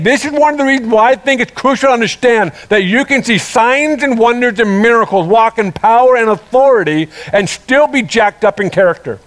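A man preaching a sermon, retelling a parable with animated storytelling and acted-out voices. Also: extremely high pitch.

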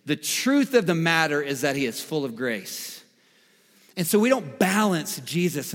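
A male pastor preaching with an emphatic delivery, slightly higher-pitched than most men. He hammers on repeated phrases and moves between quiet and loud. His voice rings with the long reverb of a large church hall. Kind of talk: sermon.

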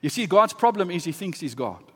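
A man preaching a sermon, telling a story that swings from hushed asides to loud exclamations. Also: high-pitched, big pitch swings, a little fast. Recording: long hall reverb.

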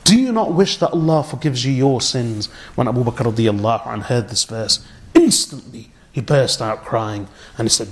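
An earnest man preaching, his voice sitting at an ordinary pitch. He tells the story slowly and with feeling, slipping Arabic phrases in among his words and falling to a hush when the story turns moving. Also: lively intonation. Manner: earnest storytelling, dropping to a hushed tone for moving moments; uses Arabic religious phrases. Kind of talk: sermon.

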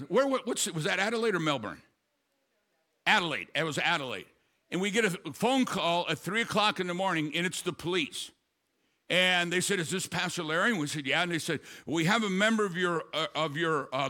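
An older man, a pastor preaching a sermon, telling stories and rising to shouts. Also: on the high side.

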